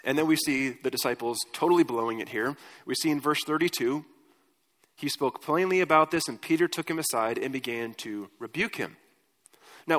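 A man's voice: mid-range voice, fairly bright tone. A man preaching a sermon as pastor in a conversational way, asking his congregation questions. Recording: reverberant church hall.

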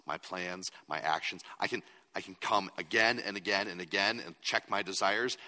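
A man's voice: low voice, sharp tone, long reverb tail. A man preaching a sermon as a pastor, earnest and at times emphatic.

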